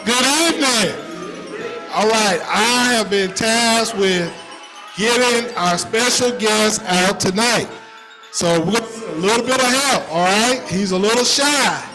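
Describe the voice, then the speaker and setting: Slow-talking high-voiced man host. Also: rough recording. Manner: slow, coaxing, leads a chant. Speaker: event host. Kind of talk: introducing a guest to children. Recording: music playing behind.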